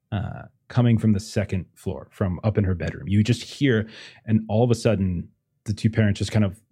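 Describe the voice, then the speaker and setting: A man running a tabletop horror game, rambling and restarting as he narrates. His voice is low, dark and a little husky. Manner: rambling, full of fillers and restarts. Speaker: game master.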